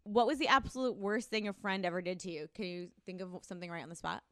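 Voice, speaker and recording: A woman's voice: mid-range voice, fast talker, clean tone, no room sound. A young adult woman hosting a casual chat, reading listener questions aloud, laughing often and swearing freely. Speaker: host.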